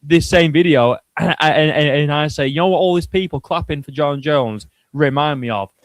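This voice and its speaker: A young man co-hosting a casual chat, relaxed and chuckling, often restarting his sentences. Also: fairly high pitch, normal speed, no echo. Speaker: co-host.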